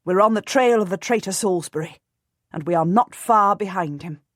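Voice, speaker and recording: A woman voicing an eager young queen who talks in an excited, urgent way. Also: medium pitch, moderate pace, no echo, clean studio sound, natural voice. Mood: urging.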